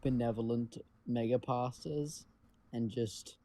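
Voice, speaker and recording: A man co-hosting a casual livestream, bantering in a relaxed, laid-back way. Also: mid-range voice, takes it slowly. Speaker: livestream co-host.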